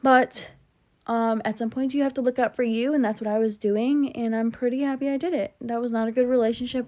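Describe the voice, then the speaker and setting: A woman's voice: fairly high pitch, a little fast, darkish tone. A young woman casually telling a long, rambling breakup story, talking emphatically and cutting herself off. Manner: rambling, emphatic, self-interrupting. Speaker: TikTok storyteller.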